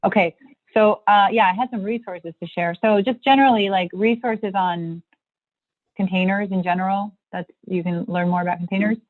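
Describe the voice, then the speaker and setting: A woman's voice: medium pitch, steady tone, normal speed, no room sound. A woman guest presenting a technical topic on a livestream video call, talking in a rambling way with many fillers and restarts. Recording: tinny phone-like line.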